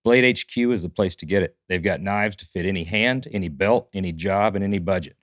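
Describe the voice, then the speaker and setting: A man with a fairly low voice hosts a relaxed podcast, punching up his sponsor reads and joking around. The sound is close and dry, with no room around him. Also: a little fast, dry recording. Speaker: podcast host. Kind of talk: casual podcast banter.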